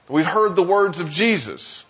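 A man delivers a sermon with an animated, swooping voice that turns his congregation's doubts into questions. His tone is somewhat breathy and husky. The recording is muffled and lo-fi, carrying the long echo of a large hall. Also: high-pitched, unhurried. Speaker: pastor. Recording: dull sound with long hall reverb.

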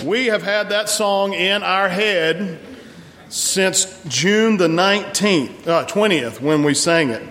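Man, church pastor, folksy and encouraging, slightly high voice, long sanctuary echo. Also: fairly bright tone, slight background noise. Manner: folksy, encouraging, talks in quick restarts. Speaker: pastor leading a church service. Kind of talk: church announcements and congregational song leading. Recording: long hall reverb from a sanctuary.

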